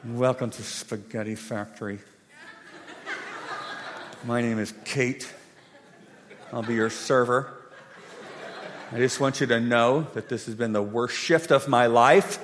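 A man voicing a worn-out waitress who complains, then gushes in a high falsetto. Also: fairly even intonation, takes it slowly, pauses often, a bit bright, a little hiss or hum. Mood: weary. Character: worn-out middle-aged woman waitress, weary. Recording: long hall reverb.

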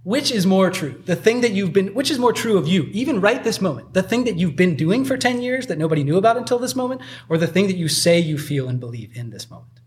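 A man's voice: high voice, very animated, fast. A man preaching a sermon in a loose, conversational way, full of fillers. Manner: conversational, uses many filler likes. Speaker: pastor.

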